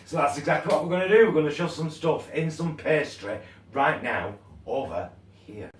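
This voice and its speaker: A man's voice: a little high, very animated, normal speed, distant mic, slight background noise. Rambling man in a roomy kitchen. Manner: rambling, chatty, many ums and uhs. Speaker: cooking channel co-host. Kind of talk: casual cooking demo chat.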